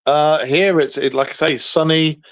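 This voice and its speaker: A man's voice: a little high, steady tone, moderate pace. A man with an English accent hosting a podcast, chatting casually, rambling and swearing freely. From England. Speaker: podcast host. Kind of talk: casual chat.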